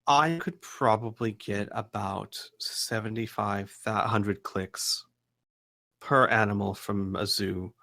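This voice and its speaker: A shrewd businesswoman fence bargains in a cool, measured tone, as a man puts her on. The voice sits low and steady, never hurried. She sounds like a dealer who is sure she holds the better hand. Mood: generous. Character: shrewd middle-aged businesswoman fence, smooth-talking.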